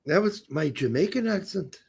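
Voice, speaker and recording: A man's voice: high voice, expressive, moderate pace, vocal fry, a little mellow, slightly rough. A man hosting a casual live stream, joking and teasing his co-host.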